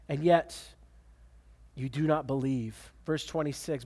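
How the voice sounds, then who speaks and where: Guy preaching a sermon, pretty high voice, emphatic, repeats himself when he gets going. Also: measured pace, pauses often, darkish tone, slightly rough. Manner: emphatic preaching with repeated words and sudden pitch swings. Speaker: pastor.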